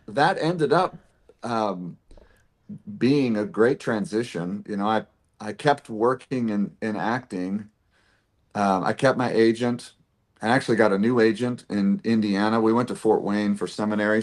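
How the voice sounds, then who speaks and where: A man telling stories from his life in a casual interview, animated and full of restarts. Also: on the low side. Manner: animated storyteller, frequent restarts and laughs. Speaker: podcast guest, pastor and actor.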